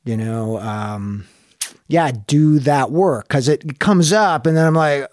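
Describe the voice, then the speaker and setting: A man's voice: fairly high pitch, takes it slowly, darkish tone, dry recording, clean studio sound. A man in casual conversation, talking in a reflective, searching way and swearing now and then. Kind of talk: casual chat.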